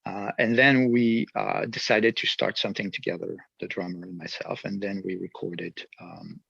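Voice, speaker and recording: A musician with a French accent, telling stories in a casual interview, animated and laughing often. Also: male voice, on the low side, normal speed, gravelly, breathy edge, no room sound, muffled recording. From near Geneva. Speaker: musician guest.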